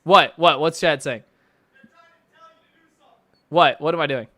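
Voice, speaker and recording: A man on a live stream reads chat and posts aloud, responding with profane, mocking, ranting commentary and sarcastic asides. His fairly high voice sounds pushed and bright, and he talks slowly with frequent pauses, with no echo.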